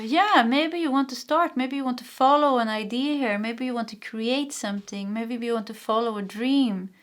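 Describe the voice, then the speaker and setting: A Swedish-born woman giving a pick-a-card tarot reading, encouraging and rambling, with many restarts and soft laughs. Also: on the high side. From Sweden. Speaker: tarot reader.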